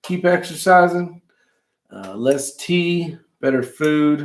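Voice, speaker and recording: A man's voice: a little high, lively intonation, slow. A man co-hosting a casual podcast, joking and teasing his co-host. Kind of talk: casual chat.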